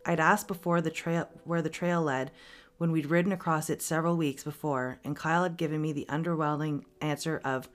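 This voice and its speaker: A woman with a very low voice narrates a story aloud as a podcast host. Her reading is steady and expressive. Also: a little fast.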